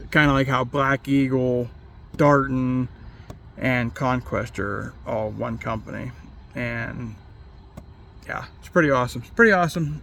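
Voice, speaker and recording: A man's voice: medium pitch, fairly bright tone. A man talking in a casual vlog monologue, candid and self-critical, swearing freely and filling his talk with "like". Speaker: vlogger and competitive archer.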